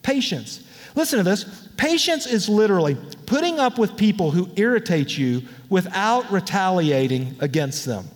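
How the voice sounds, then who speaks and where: A man preaching a sermon as pastor, in a candid, conversational way with lively asides. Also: sits high, normal speed, hardly any pauses. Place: church auditorium. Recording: long reverb of a large hall.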